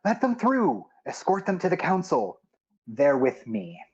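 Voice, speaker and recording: A man's voice: mid-range voice, unhurried, darkish tone, highs cut off, natural voice. A man voicing a stern woman captain of the town guard who barks orders. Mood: commanding.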